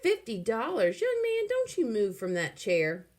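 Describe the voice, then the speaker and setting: A woman's voice: a little high, wildly swooping pitch, measured pace, a little mellow, pitched above the performer's own voice, exaggerated voice. A woman reading aloud and voicing a proper, exasperated mother who scolds politely. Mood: scolding.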